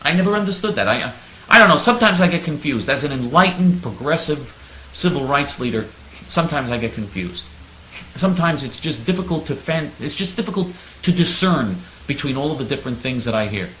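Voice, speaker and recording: Radio host man, sharp bright tone, lively sarcastic delivery, roomy sound. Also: on the high side, a little fast, slight background noise. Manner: mock-naive sarcastic storytelling. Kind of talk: sarcastic talk radio monologue.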